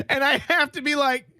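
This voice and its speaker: A man in his thirties, a podcast co-host, excitedly telling a story, acting out the people in it and swearing. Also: extremely high pitch, no echo, clean studio sound. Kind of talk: animated storytelling chat.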